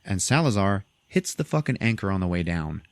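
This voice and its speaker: A man with a low voice tells a movie's story on a podcast. His pitch swings widely and he laughs often, and his profane manner stays casual. The sound is dry and close. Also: very animated, moderate pace, no room sound. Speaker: podcast host.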